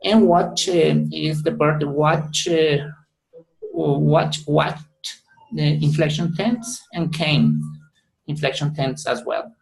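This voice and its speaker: A male student with a mother tongue, presenting in a class over a video call. He talks haltingly, full of fillers and self-corrections. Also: a little high, steady tone, gravelly, rough recording. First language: Spanish.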